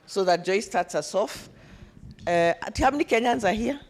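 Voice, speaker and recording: A woman coaches a summit session in a conference room, animatedly hosting the live event, getting the audience to repeat words after her and counting attendees. Her mid-range voice moves at normal speed.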